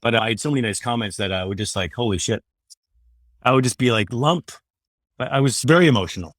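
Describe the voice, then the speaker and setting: A man's voice: mid-range voice, fast, no room sound. An earnest middle-aged man from Canada talks through a candid interview. His delivery rambles and restarts, full of "man" and "you know". The sound is dry and close. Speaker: radio host turned podcaster, guest.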